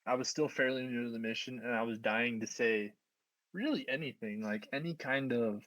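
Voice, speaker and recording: Young male guest, low-key and relaxed, dry close recording. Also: moderate pace, no room sound, low-quality recording. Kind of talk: casual chat.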